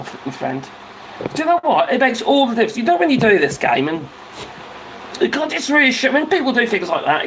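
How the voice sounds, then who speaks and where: A man's voice: sits high, creaky, background noise. A middle-aged man hosting a casual livestream, rambling, exclaiming and often laughing and swearing. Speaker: livestream host.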